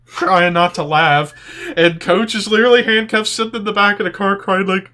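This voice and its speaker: A man co-hosting a podcast, telling stories in a casual chat, animated and often laughing as he acts out voices. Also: sits high, normal speed. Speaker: podcast co-host.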